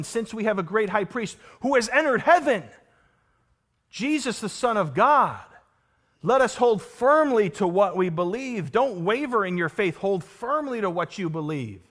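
In an emphatic sermon, a male preacher asks his congregation rhetorical questions, his voice shifting from loud declarations to hushed, low points of stress.

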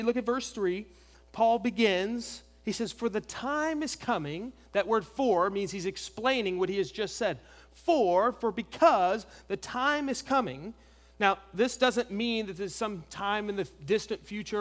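A man preaching an expository sermon, emphatic, asking rhetorical questions and repeating key phrases. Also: sits high. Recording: long reverb of a large hall.

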